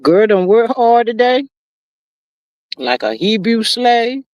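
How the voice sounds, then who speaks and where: A woman's voice: on the high side, sing-song, takes it slowly, a little mellow, dry recording, lo-fi sound. A woman hosting a casual livestream chat, greeting viewers and talking in a chatty, playful way with lots of slang. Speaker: livestream host.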